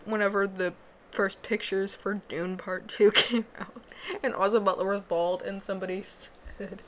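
A woman's voice: medium pitch, steady tone, moderate pace, a bit bright. Young woman, podcast host in a small booth, rambling casual delivery, frequent laughs, faint background hiss. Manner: rambling, self-interrupting, laughs often. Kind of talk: casual solo podcast chat.

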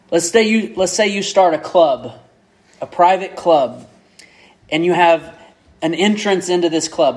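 A man preaching a sermon as pastor, measured and repeating key words for emphasis. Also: a little high, a little mellow.

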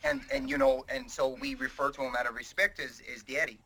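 A man's voice: mid-range voice, expressive, a little fast, pushed and bright, a little hiss or hum, low-quality recording. A man voicing a proud, rambling middle-aged coal miner with a Pennsylvania Dutch accent, hesitant and full of ums. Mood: folksy.

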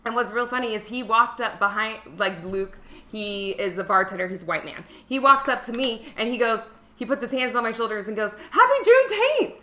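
A woman's voice: medium pitch, fairly quick, sharp tone. A woman guest on a podcast, chatting casually and imitating people in her stories. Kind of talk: casual chat.

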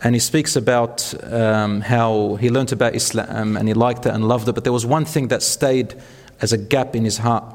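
A man's voice: medium pitch, fairly even intonation, moderate pace, few pauses, in a large hall. A man giving an earnest, encouraging religious talk, telling stories to an audience. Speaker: speaker at a talk.

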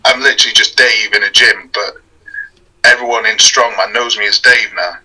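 Husky laid-back man from Wales. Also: on the low side, steady tone, normal speed, sharp tone, rough recording. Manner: laid-back, laughs often, hesitant fillers. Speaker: podcast guest, wrestler and strongman. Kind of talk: casual chat.

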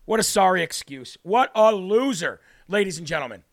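High, gravelly ranting talk show host man. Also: expressive, normal speed. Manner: mocking, combative, repeats himself for emphasis. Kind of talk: ranting live commentary.

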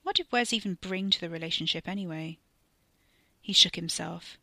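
A woman reads dark fiction in a measured, deliberate voice that slows down at tense moments. Her tone is bright and a little low, and the sound is dry and close with no room around it. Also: gravelly, no echo. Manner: measured, slowing for tension. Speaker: podcast storyteller. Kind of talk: scripted narration.

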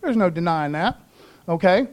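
A man's voice: high-pitched, animated, normal speed, muffled recording. A man pastor preaching a conversational sermon in slangy everyday talk, calling for responses from the congregation.

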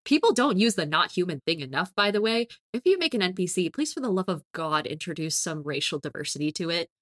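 A woman's voice: on the low side, animated, fast, a bit bright, no echo, studio quality. A woman co-hosting a casual podcast about tabletop games, talking with energy and laughing often. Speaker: podcast co-host.

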